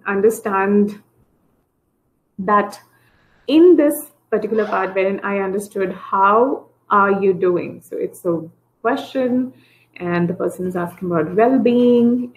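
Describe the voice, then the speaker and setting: A woman's voice: mid-range voice, darkish tone, echoey room, rough recording. A woman giving an early intervention training lecture to parents on a video call, explaining step by step with everyday examples. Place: home office on a video call. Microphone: video call microphone.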